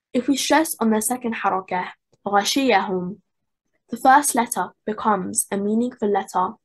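A woman reads a prepared lesson at a steady, measured pace. Her voice is breathy and a little husky, at a middling pitch. She pauses to chant short example words slowly and carefully. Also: poor audio. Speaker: lecture presenter. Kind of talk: scripted lesson narration.

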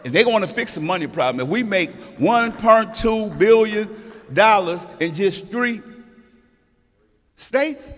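High-voiced emphatic man in a hall. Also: animated, a little slow. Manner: emphatic, preachy storytelling, rising to shouts. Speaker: guest speaker. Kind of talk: animated motivational talk. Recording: hall with long reverb.

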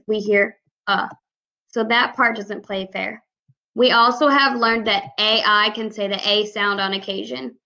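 A woman teaching first graders, speaking in a slow, clear and deliberate way as she reads aloud and goes over sight words. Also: on the high side, pushed and bright. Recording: slightly dull lo-fi recording.

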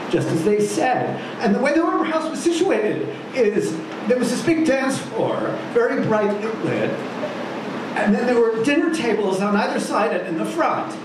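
Animated high-voiced male storyteller. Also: recorded from a distance. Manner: animated, self-deprecating, acts out the scenes. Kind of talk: live personal storytelling. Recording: echoey room with clear background noise.

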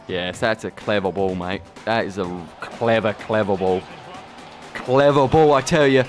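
A young man commentating his own football video game play, excitable and boastful, shouting when he scores. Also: mid-range voice, moderate pace, faint music behind. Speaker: gaming YouTuber. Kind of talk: live gameplay commentary.

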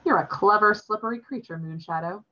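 A woman's voice: mid-range voice, brisk, sharp tone, lightly acted. A woman voicing a stubborn, lofty American girl who talks with teasing confidence, on a dull lo-fi recording.

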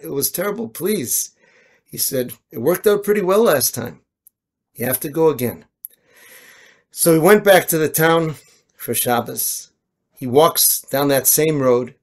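A man, a rabbi, telling a story in a sermon and slipping into the voices of the people in it. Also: medium pitch. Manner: storyteller voicing quoted characters, mixing Yiddish and Hebrew terms.

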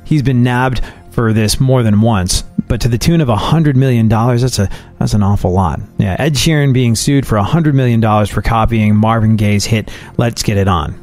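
A man's voice: medium pitch, normal speed, hardly any pauses, darkish tone, faint music behind. A man hosting a solo podcast, talking in a chatty, wry way with asides and jokes. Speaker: podcast host.

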